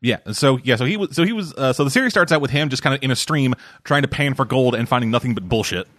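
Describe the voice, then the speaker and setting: A man's voice: mid-range voice, animated, fast talker, a bit bright, dry recording. A man from Canada, co-hosting a casual podcast chat, rambling and swearing freely as he sums up a manga series. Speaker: podcast co-host reviewing manga.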